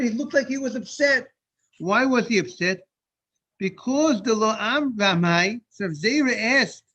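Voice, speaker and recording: A man's voice: sits high, a bit bright. A man who is a rabbi, teaching a Talmud study lesson. He explains step by step, often repeats and restarts his phrases, and breaks off to greet people as they join.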